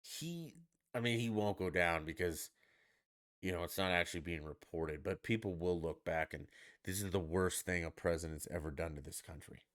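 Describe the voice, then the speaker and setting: A man's voice: deep voice, normal speed, a bit bright. A man hosting his own stream, ranting with profanity and sarcasm in casual solo commentary. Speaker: podcast host.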